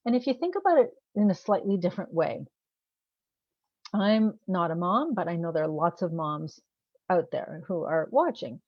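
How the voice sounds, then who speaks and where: Woman coach, lowish voice, chatty to-camera vlog, asks listeners direct questions, dull dry sound. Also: big pitch swings, moderate pace, no room sound. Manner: conversational, asks rhetorical questions; laughs at herself. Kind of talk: casual to-camera talk.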